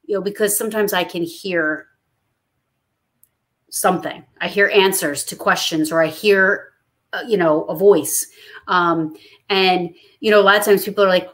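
A woman's voice: fairly low pitch, steady tone, moderate pace, fairly bright tone. A woman hosting a casual chat, talking in a rambling, chatty way and laughing often. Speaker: host.

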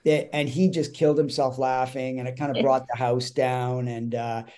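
A man hosting a casual chat, telling a lively backstage anecdote with frequent restarts and bits of acted-out dialogue. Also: medium pitch, normal speed. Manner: animated storytelling with frequent restarts and quoted dialogue. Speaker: host and actor.

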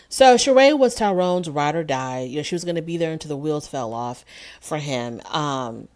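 A woman hosting a casual reality TV review, sassy and animated, mocking the cast with acted-out quotes. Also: low-pitched, measured pace. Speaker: reality TV recap host. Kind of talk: casual solo review commentary.

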